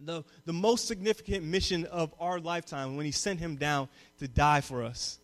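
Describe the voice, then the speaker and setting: A young man preaching a sermon as a youth pastor, moving from calm teaching to loud call-and-response. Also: on the high side, moderate pace. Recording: long reverb of a hall.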